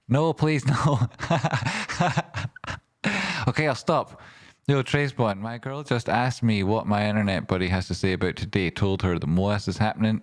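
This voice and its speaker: A man hosting a casual live stream, reading out viewers' names, swearing, joking and laughing often. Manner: swearing, joking, laughing, swings between gruff and high excited. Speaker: livestream host.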